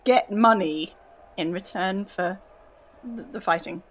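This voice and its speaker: A woman's voice: mid-range voice, slow, slightly rough, pitched below the performer's own voice. A woman voicing a proud, self-important wrestler in a tabletop game, speaking with mock grandeur. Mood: boastful.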